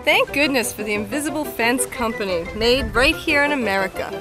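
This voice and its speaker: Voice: mid-range voice, a little fast, natural voice. A performer playing a worried, gossipy suburban mother in a spoof commercial. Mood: chatty. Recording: music bed behind the voice.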